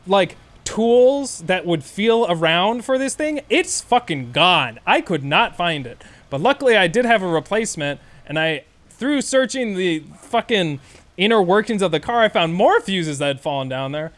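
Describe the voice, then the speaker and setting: Streamer, male, high voice, casual profane storytelling, animated rant. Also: normal speed.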